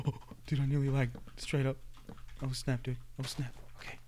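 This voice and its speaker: A man giving excitable, casual commentary while playing a game with a friend, jumping from hushed tones to yelps and laughs. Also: mid-range voice, normal speed. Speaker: gaming YouTuber.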